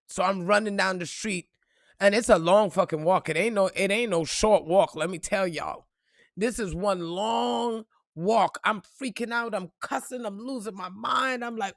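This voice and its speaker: A woman giving an unscripted motivational talk and telling a story straight to her viewers, blunt and profane, swinging between quiet asides and loud emphasis. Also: mid-range voice, normal speed, no echo, studio quality. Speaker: spiritual reader and motivational speaker.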